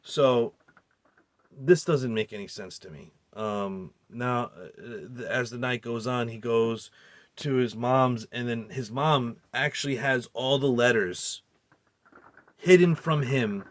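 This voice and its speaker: A man's voice: mid-range voice, takes it slowly, dry recording. A man giving a heated, profanity-laced film recap and review, rambling and incredulous. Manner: rambling with restarts and fillers. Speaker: movie reviewer.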